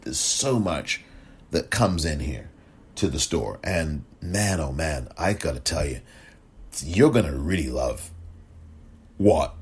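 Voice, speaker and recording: A man with a very low, husky voice hosts a solo podcast. He talks slowly and warmly in a chatty, effusive way, repeating his thanks again and again. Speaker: podcast host. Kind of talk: solo political podcast monologue.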